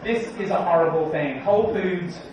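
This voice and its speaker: A man giving a joking, energetic conference talk and quizzing the audience. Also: fairly high pitch, moderate pace, background noise. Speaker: conference speaker. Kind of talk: keynote talk. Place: large conference hall. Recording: echoey hall, distant, dull sound.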